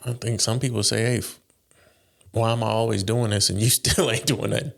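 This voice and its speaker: Low-voiced man acting out couple arguments. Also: fairly even intonation, brisk, gravelly. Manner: acts out both sides of arguments in quoted voices; laughs between lines, swears casually. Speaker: podcast co-host. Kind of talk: casual podcast chat.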